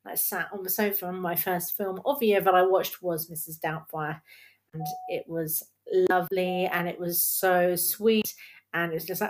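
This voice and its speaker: A woman's voice: fairly low pitch, fairly even intonation, moderate pace. A woman hosting a casual solo film podcast at home, chatty and rambling and laughing often, recorded on a laptop's built-in mic. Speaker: podcast host.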